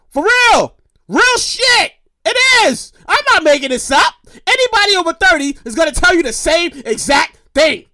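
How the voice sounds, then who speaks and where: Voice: extremely high pitch, big pitch swings, normal speed, sharp tone, no room sound, clean studio sound. A podcast host in their thirties, rambling through a casual, profane monologue and repeating phrases for emphasis. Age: 30s.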